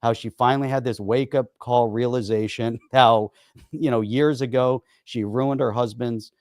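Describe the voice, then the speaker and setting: A man's voice: medium pitch, steady tone, moderate pace, darkish tone. A man with a mid-range voice tells stories in a rambling podcast chat, full of fillers. The recording is dry, with no room echo. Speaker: podcast co-host. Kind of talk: casual political chat.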